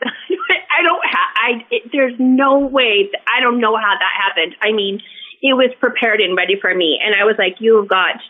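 Woman, podcast guest, casual storytelling, halting with fillers, tinny phone-line sound. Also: a little high. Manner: halting, lots of fillers and restarts.

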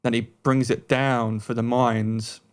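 A man co-hosting a songwriting podcast, giving warm praise of a track in a casual chat, often restarting his sentences. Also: mid-range voice, little pitch movement, clean tone. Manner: warm praise, halting starts and repeated words. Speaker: podcast co-host. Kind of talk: casual chat reviewing songs.

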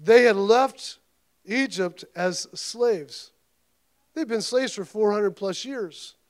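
A man preaching a sermon, passionate and emphatic, with conversational asides and restarts between loud peaks. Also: high-pitched, takes it slowly. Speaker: pastor.

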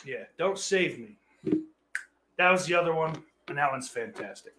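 A man's voice: on the high side, expressive, normal speed, pushed and bright, a little hiss or hum. Profane offhand man chatting. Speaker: livestream host reading chat. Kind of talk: casual rambling chat.

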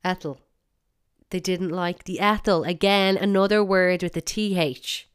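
A woman's voice: fairly low pitch, fairly even intonation, moderate pace, smooth. A woman with an Irish accent hosting a solo podcast, chatty and wry, with bursts of mock outrage. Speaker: podcast host.

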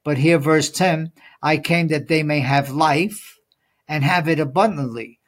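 At a measured pace and fairly high pitch, a man co-hosts a casual Bible study podcast. His talk is reflective and full of fillers, and he reads scripture aloud.

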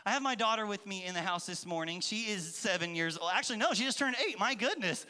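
Kids' pastor, a man with a high, bright, animated voice, booming through a big reverberant hall. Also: fast. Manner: animated, playful, acts out voices and calls to the crowd. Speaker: children's pastor. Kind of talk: lively kids' church sermon with storytelling. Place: large church hall with an audience.

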